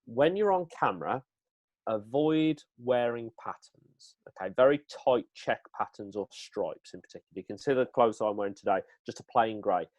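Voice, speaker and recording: A man's voice: medium pitch, expressive, moderate pace, a little mellow, no room sound, lo-fi sound. A man giving upbeat, direct presenting tips to the camera on a video call. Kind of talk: instructional chat on a video call. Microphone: webcam.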